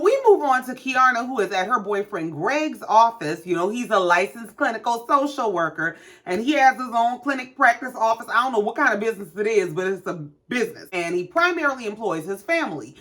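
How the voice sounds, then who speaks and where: A woman's voice: on the high side, big pitch swings, fairly quick, a bit bright. A woman casually recapping a reality show with sassy, profane commentary.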